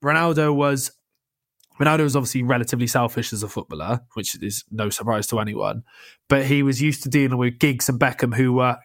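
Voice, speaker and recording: A young man in casual football chat, talking with a passionate rush and constant restarts. His voice sits at a middling pitch. The sound is close and dry, with no room at all. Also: no echo. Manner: passionate, rapid, many restarts. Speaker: podcast co-host.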